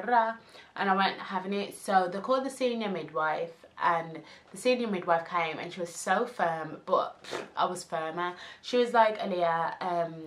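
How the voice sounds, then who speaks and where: A young woman telling a casual story, animated and acting out the people she quotes. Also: mid-range voice. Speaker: vlogger.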